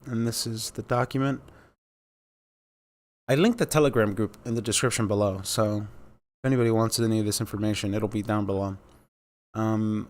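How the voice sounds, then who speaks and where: A man giving casual, rambling commentary on news clips, with many fillers and sarcastic asides. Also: lowish voice.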